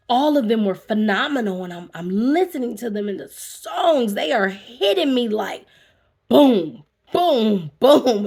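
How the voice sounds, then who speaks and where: A woman who works as a therapist talks to camera in a casual, animated way, telling a personal story. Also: a little high. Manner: animated, conversational, acts out her own reactions. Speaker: vlogger.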